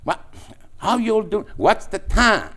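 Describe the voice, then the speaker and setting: A breezy Southern American man drawls over the phone, his voice pitched high above its usual register, as a Greek man puts on the accent. His words stretch out slow and relaxed. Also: exaggerated voice. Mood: drawling.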